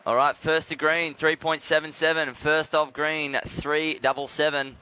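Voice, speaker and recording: Male surf commentator, bright smooth voice, jokey live calls. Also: on the high side, unhurried. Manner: jokey, self-deprecating, relaxed.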